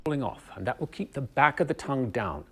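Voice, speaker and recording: A Canadian man teaching voice and dialect in a measured, explanatory lesson. His pitch moves freely up and down, and his tone is gravelly and a little husky. He demonstrates sounds as he explains them. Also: lively intonation, pushed and bright. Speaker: drama professor teaching voice and dialects. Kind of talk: instructional video lesson.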